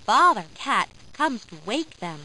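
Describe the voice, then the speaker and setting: A woman narrating a children's storybook game in a slow, clear, expressive way. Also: on the high side, a little hiss or hum, rough recording.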